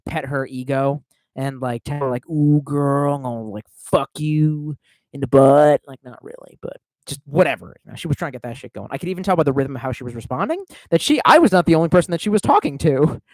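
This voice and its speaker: A man's voice: mid-range voice, expressive, fast, dry recording. A young man streaming, telling a long rambling story in casual, profane talk.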